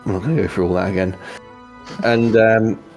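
A man runs a tabletop role-playing session in a relaxed, pausing voice set lower than most. He describes the scene slowly, and faint music plays behind him. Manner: relaxed, hesitant with fillers. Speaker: game master. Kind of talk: narrating a tabletop game.

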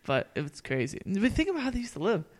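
A young man co-hosting a podcast in casual chat, laid-back, quick to laugh and agree. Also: sits high, wildly swooping pitch. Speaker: podcast co-host.

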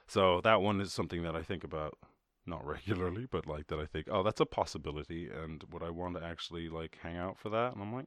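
A man's voice: sits low, lively intonation, fast talker, dry recording, clean studio sound. A man with an Irish accent hosting a podcast, talking in a rambling, casual way with lots of swearing, and laughing at himself. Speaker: podcast host. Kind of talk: casual chat and freestyle rap.

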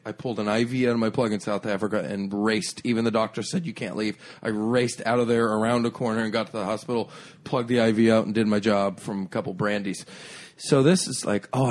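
A man guesting on a podcast as a comedian, telling a long story in an animated, profane way and acting out other people's lines. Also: on the low side.

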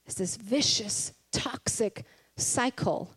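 Woman, Christian speaker, conversational sermon, candid, earnest, laughs between points, mid-range pitch. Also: measured pace.

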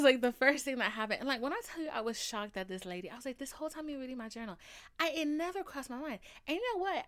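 A young woman in her twenties, a podcast host telling casual stories with lots of swearing and laughter. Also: fairly high pitch. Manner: animated, swearing, laughing often. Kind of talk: casual storytelling.

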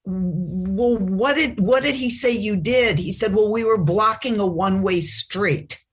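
A breathy middle-aged woman recounts a story as a talk show guest. Her pitch sits mid-range, and she talks in halting bursts with many restarts and fillers. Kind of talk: personal storytelling. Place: Chicago.

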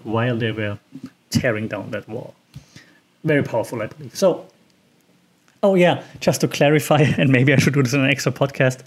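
A young man from Germany talks through his solo podcast in a loose, chatty way, leaning on "like" and little fillers. His voice sits at an ordinary middle pitch. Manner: chatty, filler-heavy, says "like" often. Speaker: podcast host. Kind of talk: casual solo podcast talk.

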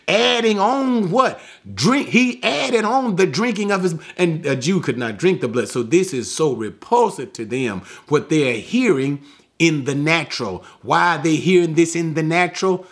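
A man's voice: high voice, big pitch swings, unhurried, a bit bright. A man teaching through a bible passage verse by verse, emphatic, repeating key words and asking rhetorical questions.

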